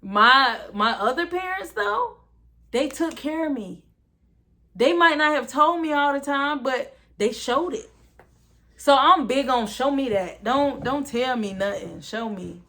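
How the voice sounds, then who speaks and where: A woman's voice: sits high, animated, a little slow, pushed and bright. Candid, emphatic woman talking frankly. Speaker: podcast co-host. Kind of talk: casual heartfelt conversation.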